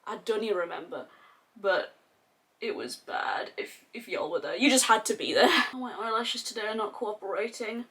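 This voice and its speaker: A woman's voice: mid-range voice, normal speed, a bit bright. A young Australian woman chatting casually and animatedly through a makeup tutorial, with slangy, sweary asides. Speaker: beauty vlogger.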